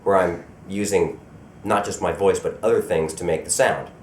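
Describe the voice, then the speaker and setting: Man, very low voice, relaxed and self-deprecating, echoey convention room, faint chatter. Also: moderate pace, a little hiss or hum. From Colorado, USA. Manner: relaxed, self-deprecating, repeats words when starting thoughts. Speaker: voice actor. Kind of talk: convention interview.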